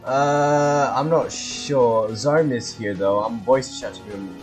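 A man's voice: medium pitch, takes it slowly, soft background music. A man casually commenting while he plays a game, laughing often and breaking into panicky repeated cries when he is chased. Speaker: gaming video host. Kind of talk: casual let's-play commentary.

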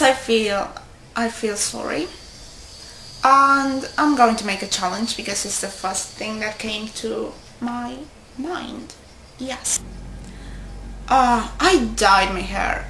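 A young woman vlogging casually to her friends, rambling and excitable, often stopping to correct herself. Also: a little high, slight background noise. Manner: rambling, excitable, with self-interruptions. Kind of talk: casual chat to camera. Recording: echoey room.

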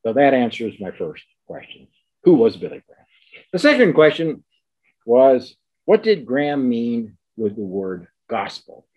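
An older man giving an academic lecture, emphatic, repeating key words and slowing down to stress them. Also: medium pitch, sing-song, muffled recording.

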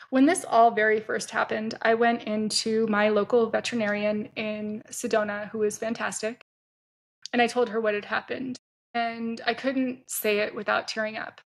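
A woman hosts her own solo podcast, speaking in a somewhat high voice. Her delivery stays fairly level, with little rise and fall. She talks candidly and casually, swearing freely. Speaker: podcast host and entrepreneur.

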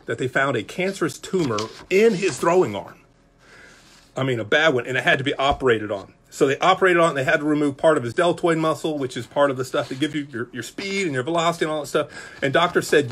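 Husky-voiced pastor telling a lively story. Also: male voice, mid-range voice. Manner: animated, self-mocking storytelling; lively, conversational delivery to the group. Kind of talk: Bible study teaching.

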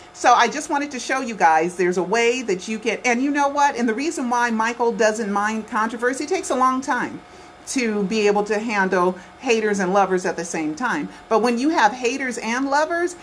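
A woman's voice: fairly high pitch, lively intonation, normal speed, slight background noise. A woman vlogging to her camera at home, talking insistently and repeating herself, with lots of "okay" and "right" as she goes. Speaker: conspiracy documentary vlogger. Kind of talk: casual talk to camera.

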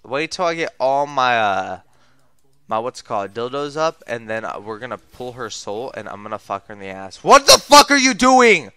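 A young man giving profane play-by-play while gaming, muttering low and then yelling and trash-talking his teammates. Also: normal speed, smooth. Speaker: gamer streaming his play. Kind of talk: profane gameplay commentary.

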